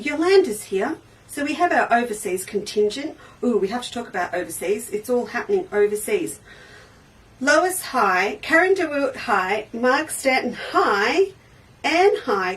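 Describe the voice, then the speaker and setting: A woman's voice: fairly high pitch, recorded from a distance, poor audio. A woman hosting a casual quilting livestream, chatty and bubbly, greeting viewers one by one by name. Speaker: livestream quilting show host.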